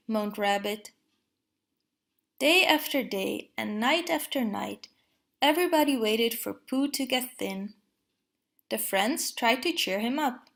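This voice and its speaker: Slow, gravelly woman reading aloud. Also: a little high, lively intonation, a bit bright. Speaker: storybook reader. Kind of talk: storybook read-aloud.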